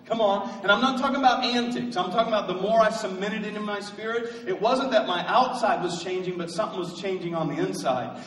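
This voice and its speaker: A man's voice: high voice, fairly bright tone, reverberant, long reverb tail, far from the mic, rough recording. A man preaching a sermon as pastor, building to emphatic calls to the congregation. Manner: rising to emphatic call-and-response preaching. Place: church sanctuary.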